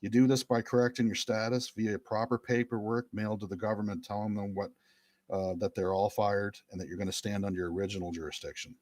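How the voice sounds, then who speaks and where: Guy talking to his viewers, kinda low voice, dry close sound, earnest and pushy. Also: little pitch movement, quick pace, a little mellow, dry recording. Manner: earnest, emphatic, repeats phrases. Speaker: speaker giving a talk. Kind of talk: casual monologue to viewers.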